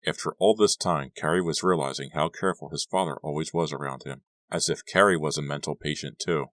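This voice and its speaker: A man narrating a young adult horror novel in a measured reading. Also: extremely low pitch, fairly bright tone, no echo. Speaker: audiobook narrator. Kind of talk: scripted narration.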